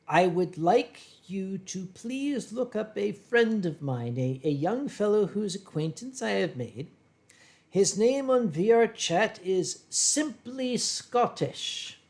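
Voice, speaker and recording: A man hosting a casual podcast chat, loud and joking and swearing freely as he riffs with guests. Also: high voice, expressive, takes it slowly. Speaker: host.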